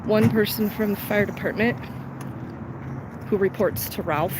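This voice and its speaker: A woman's voice: medium pitch, unhurried. A woman activist filming a homeless camp sweep on a city street, angrily heckling and swearing at the workers, recorded on a handheld phone. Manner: angry, profane, heckling. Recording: street traffic noise.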